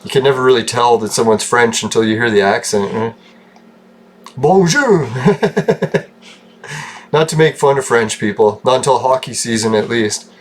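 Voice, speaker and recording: A man's voice: mid-range voice, fairly even intonation, fairly quick, a little hiss or hum. A man from Canada giving rambling, casual commentary over gameplay, joking, swearing and laughing often. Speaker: gaming channel host.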